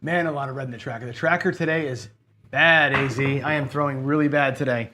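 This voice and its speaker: A man with a fairly high, brisk voice and a sharp edge hosts a live online craps stream, with a slight hiss or hum in the background. He chats with viewers, growing frustrated and swearing as his losses mount, in casual casino-host commentary.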